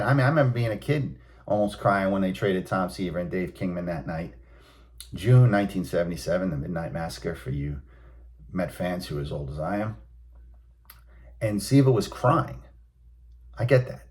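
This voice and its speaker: A man's voice: deep voice, lively intonation, normal speed, long pauses, a little mellow. A man, hosting a sports talk show and ranting bluntly, with emphatic outbursts. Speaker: host. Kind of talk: opinionated sports talk monologue.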